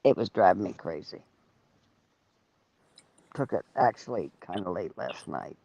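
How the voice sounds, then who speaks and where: A woman chatting casually on a call to a friend's stream, rambling easily, slightly sick with a low fever. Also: lively intonation, measured pace, warm tone, husky, no echo, lo-fi sound. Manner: easygoing, rambling small talk. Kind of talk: casual chat.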